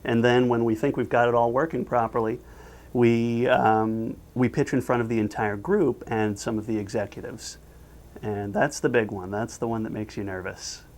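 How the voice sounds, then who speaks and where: A man in a making-of feature who explains how episodes are written, then pitches a cartoon scene by acting it out. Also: moderate pace. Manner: lively, acts out scenes. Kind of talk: animated story pitch.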